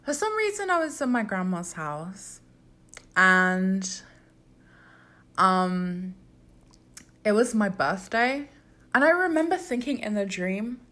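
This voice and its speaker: A young woman chatting casually to her viewers, her pitch swooping up and down as she tells a story. She swears freely and throws herself into acting out every voice in it, with big jumps in pitch. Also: sing-song, slow pace, pauses often, sharp tone. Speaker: vlogger.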